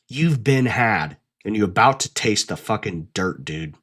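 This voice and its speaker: A man's voice: on the low side, expressive, a little slow, a bit bright. A man hosting a casual commentary video essay, talking bluntly and swearing freely.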